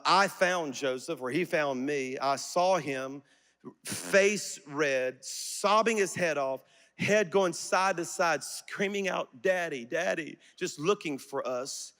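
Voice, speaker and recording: A middle-aged man preaching a sermon, telling a personal story that swells into fervent, shouted exhortation to the congregation. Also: a little high, slow pace. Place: large auditorium church. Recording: long reverb of a large auditorium.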